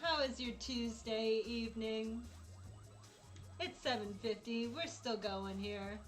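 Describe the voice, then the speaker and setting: A woman streaming a game from her home setup, talking in a slow, drawn-out way with a slightly high voice. She is dramatic and exasperated, laughing often, and faint game music plays behind her. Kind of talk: casual live-stream chat while gaming.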